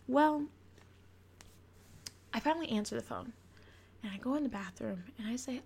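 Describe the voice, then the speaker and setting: A young woman hosts her own podcast, recounting her past in a frank, confessional manner. Her voice sits a little high and carries plenty of vocal fry. She swears freely and talks plainly, like she is confiding in friends. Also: a little slow, pauses often, a little mellow. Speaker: podcast host. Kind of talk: candid personal storytelling.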